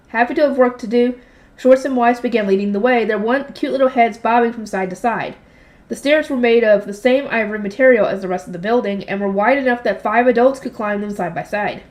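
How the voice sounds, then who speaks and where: A woman's voice: a little high, fairly quick, a little mellow. A young woman reading a light novel aloud, lightly voicing the characters and breaking off for offhand slangy asides. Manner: reads character voices lightly, drops into offhand slangy commentary.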